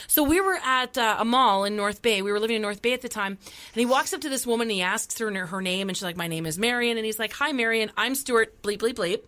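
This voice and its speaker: A woman in her forties chats on her podcast, bright and a touch high in pitch. She tells funny stories and acts out every voice in them. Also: quick pace. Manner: animated comic storyteller, acts out voices. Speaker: podcast co-host. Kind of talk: casual storytelling chat.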